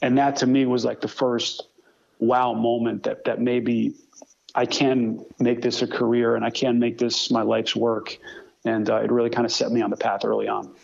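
Gravelly-voiced man telling stories. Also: mid-range voice, normal speed, dull audio. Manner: animated storyteller who imitates his old mentor. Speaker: sportscaster guest. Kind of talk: conversational interview storytelling.

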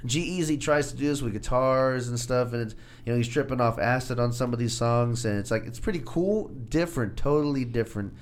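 A man's voice: medium pitch, brisk, few pauses, a little hiss or hum. A young man co-hosting a casual podcast chat, talking in a laid-back, slangy, rambling way. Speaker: podcast co-host, music segment.

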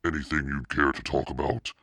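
A man reading aloud, voicing an energetic, insistent mother who talks briskly. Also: very deep voice, slightly rough, no room sound, studio quality, heavily acted. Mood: coaxing. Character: energetic, fast-talking artist mother.

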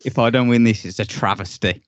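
A man's voice: mid-range voice, fairly quick, no echo. A man co-hosts a casual podcast and jokes his way through a quiz, keen to win. His voice sits in a middle range. The recording is dry and a bit dull. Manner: joking, competitive. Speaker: podcast co-host and quiz contestant.

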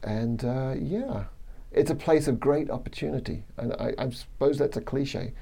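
Middle-aged aussie guy with a really gravelly, mellow voice, chatty professor laughing a lot in an interview. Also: mid-range voice, normal speed. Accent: Australian. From Australia. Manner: chatty, laughs often, many restarts and fillers. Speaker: plant biology professor. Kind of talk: relaxed interview conversation.

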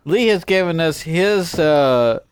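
A man co-hosting a loose comedy podcast, rambling through jokey advice with mock confidence. His pitch sits a touch high and swings all over the place. The sound is dry and close. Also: animated, slow pace, clean tone, no echo. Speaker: podcast co-host. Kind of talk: casual comedic chat.

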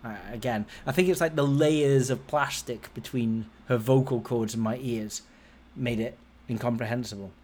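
A man's voice: moderate pace, hardly any pauses. A man in his forties, a podcast host, telling a long personal story in a casual, rambling way, with his voice rising and falling as he goes. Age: 40s. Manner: rambling, conversational, lively swings in pitch and loudness.

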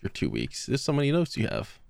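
A man's voice: mid-range voice, huge pitch swings, fairly quick, gravelly, a little mellow, clear, resonant tone, no room sound, studio quality. A man co-hosting a casual podcast, bantering and joking. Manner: joking, mock-menacing banter. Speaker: podcast co-host. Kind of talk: casual chat.

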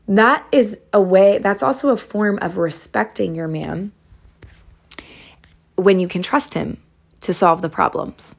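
Low, gravelly woman giving gentle advice. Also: a little slow. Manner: gentle, conversational, with many fillers and restarts. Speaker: relationship advice podcast host. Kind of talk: casual advice monologue.

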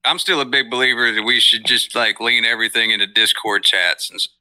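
Very bright-voiced man with wry remarks. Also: mid-range voice, fairly even intonation, fairly quick, rough recording. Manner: wry, swears casually. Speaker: podcast co-host. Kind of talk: casual group chat.

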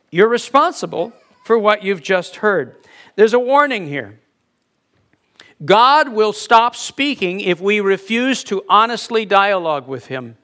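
High-voiced man preaching conversationally. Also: expressive, sharp tone. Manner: conversational preaching, rhetorical questions, emphatic pauses. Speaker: pastor. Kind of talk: sermon.

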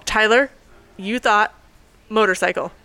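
A playful woman co-hosts a chatty podcast. Her voice is bright and clear at a middle pitch. She teases her co-host and laughs easily. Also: a little slow. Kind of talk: casual chat, reading a quote. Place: bookstore with shoppers around.

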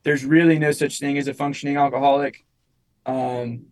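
A young man on a talk show recounts a personal story in loose, casual chat. He rambles, restarts his sentences and leans on fillers, in a middle-pitched voice. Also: flat delivery, normal speed, darkish tone, rough recording. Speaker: musician guest.

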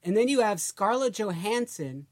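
A man's voice: sits high, expressive, moderate pace, darkish tone. A man co-hosting a podcast in casual chat, talking loosely with lots of "like" and trailing phrases. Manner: chatty, trails off, many fillers like "like". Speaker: podcast co-host.

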